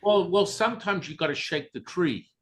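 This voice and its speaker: A man's voice: sits high, animated, moderate pace, fairly bright tone. A man being interviewed as a spiritual teacher, candid and blunt, casually swearing and acting out voices as he tells his stories. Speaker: Taoist teacher, interview guest.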